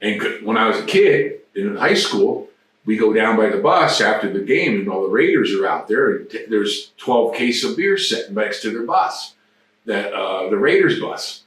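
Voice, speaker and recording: With a sing-song lilt and a low-leaning, slightly bright voice, a man in his sixties tells rambling, profane anecdotes at a moderate pace. He's an interview guest doing casual storytelling, heard via a distant mic in a very echoey room.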